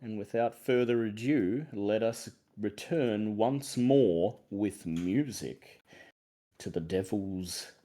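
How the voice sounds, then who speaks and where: Man, game master, lowish voice, theatrical narration, playful. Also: slow pace, warm tone. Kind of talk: dramatic tabletop game narration.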